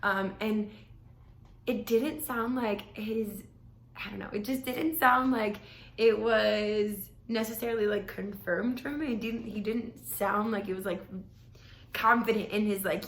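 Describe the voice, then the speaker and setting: Unhurried and mid-range in pitch, this young podcast host tells a casual, meandering story packed with "like." Her intonation stays fairly even, and the recording has a roomy echo.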